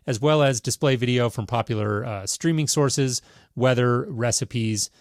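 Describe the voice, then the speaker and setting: A man hosting a tech podcast, reading a news item and then chatting about it in a measured, casual way. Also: mid-range voice, no echo, clean studio sound. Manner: measured, reads news items then riffs. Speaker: podcast host.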